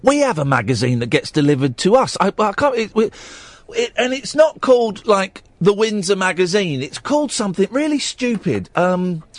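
Brief: male radio phone-in host, high and animated voice, dry studio sound, chatty with a mock-stern edge. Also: moderate pace, dry recording. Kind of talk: late-night radio phone-in.

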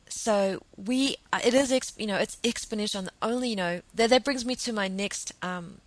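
A woman hosting her own podcast, talking earnestly and thinking aloud, often repeating words as she goes. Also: mid-range voice. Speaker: podcast host. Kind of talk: solo podcast monologue.

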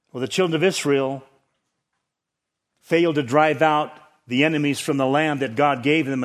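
A man leads a Bible study sermon, his voice sitting a little higher than most men's. He talks in a relaxed, conversational way, then rises and presses harder whenever he drives a point home. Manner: conversational Bible teaching, rising emphasis on key points. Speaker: pastor.

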